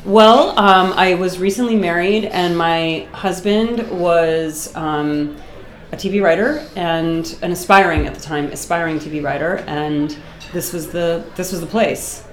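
A middle-aged woman from Boston chats as an interview guest, animated and quick to laugh. Her voice sits on the low side, and the room around her is echoey. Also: a little hiss or hum. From Boston, USA. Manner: animated, talkative, laughs often. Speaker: guest artist. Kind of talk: casual interview chat.

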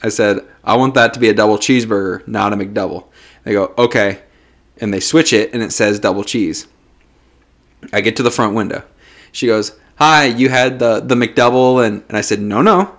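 A man's voice: on the low side, normal speed. Profane man telling a story. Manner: profane, animated storytelling with bursts of laughter. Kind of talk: casual storytelling chat.

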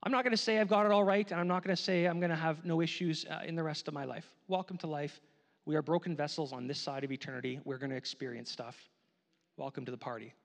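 A male pastor delivers a sermon from the front of his church, his voice sitting high. He slows down and drags out the lines that matter, then repeats short phrases for weight. The sound rings out with a long reverb through the sanctuary. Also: fairly even intonation. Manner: earnest, repeats phrases for emphasis; slow, drawn-out delivery on key lines.

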